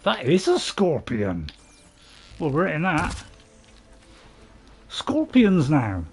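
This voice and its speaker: This gaming-channel host talks to himself as he plays, giving running commentary that swings between alarm and composure. He speaks slowly in a husky voice pitched toward the high end.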